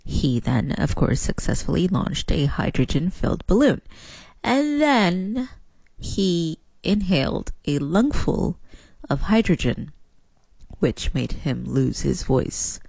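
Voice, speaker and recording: Guy with a gravelly voice telling fun facts, joking at himself, dry close sound. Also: fairly high pitch, expressive, a little slow, darkish tone, dry recording. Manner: playful, self-mocking, laughs between facts. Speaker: host sharing fun facts. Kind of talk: casual chat.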